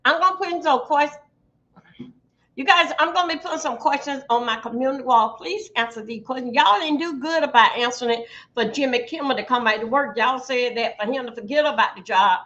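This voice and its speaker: A woman's voice: sits high, brisk, a bit bright, muffled recording. A woman hosting a livestream, talking chattily to her viewers. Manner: chatty, addresses viewers as "y'all". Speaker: livestream host. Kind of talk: livestream commentary.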